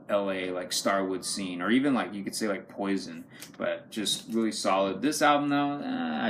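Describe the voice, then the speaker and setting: A man's voice: deep voice, creaky, fairly bright tone, a little hiss or hum. A man casually showing his record collection, rambling and enthusiastic, swearing often and using many fillers. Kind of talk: casual unscripted talk to camera.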